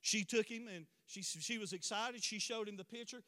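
Impassioned high-voiced male preacher. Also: moderate pace, sharp tone. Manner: impassioned, building to emphatic declarations. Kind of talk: sermon. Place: church sanctuary. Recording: long reverb of a large church hall.

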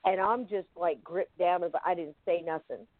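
Guest telling a story over a tinny line. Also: medium pitch. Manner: halting, vivid retelling with restarts and fillers. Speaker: guest recounting an experience. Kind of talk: first-person storytelling in an interview. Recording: tinny phone-line sound, dry.

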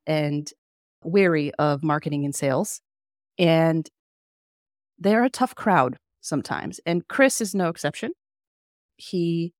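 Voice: medium pitch, no echo, studio quality. A tech marketer and podcast co-host giving a candid presentation to fellow marketers, telling a story with self-deprecating asides.

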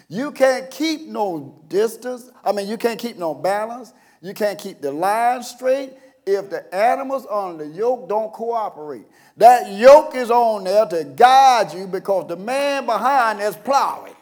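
A man preaching a sermon as pastor, folksy and storytelling, breaking into sudden shouts and chuckles. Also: sits high, very animated, takes it slowly.

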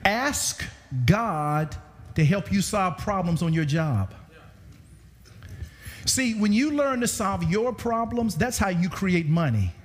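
A man preaching a sermon to a congregation with animated swings in pitch, recorded through a church sound system. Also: takes it slowly. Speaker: guest preacher. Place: church sanctuary. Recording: reverberant church hall.

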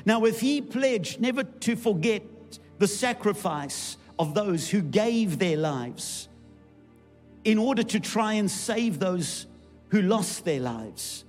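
A man's voice: high-pitched, expressive, takes it slowly. A man preaching a sermon as pastor, rousing and repetitive in call-and-response style. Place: large church hall. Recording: long hall reverb with faint music.

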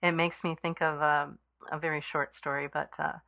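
Low-voiced woman, halting and chatty. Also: level tone, gravelly, sharp tone. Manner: hesitant, with many fillers and restarts, quick to laugh. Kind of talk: casual conversational chat.

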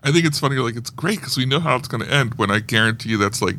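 A man with a gravelly, fry-edged voice rambles through a casual podcast chat, leaning on fillers as he goes. A faint hiss of noise sits under him. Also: medium pitch, animated, quick pace, pushed and bright. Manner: loose, rambling, full of fillers. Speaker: podcast co-host.

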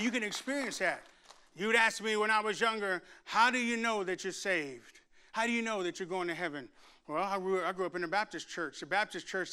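Male preacher, middle-aged, high ringing voice, animated, shouts at the peaks. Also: clean tone. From Arkansas. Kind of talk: sermon.

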